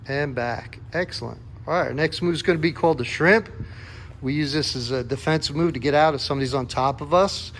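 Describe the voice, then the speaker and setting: A man's voice: on the high side, a little fast, a bit bright, slight background noise. A man coaching a kids' jiu-jitsu class, calling out counts and encouraging a young helper. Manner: upbeat, encouraging, calls out counts.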